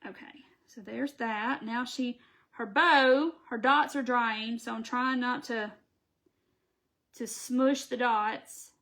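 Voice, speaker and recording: A woman walks viewers through a craft project on a live stream. Her voice is bright and sits a little high, and her manner is chatty and folksy, full of asides to the people watching. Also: fairly even intonation, slow pace. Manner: chatty, folksy, talks to viewers as she works. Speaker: craft channel host.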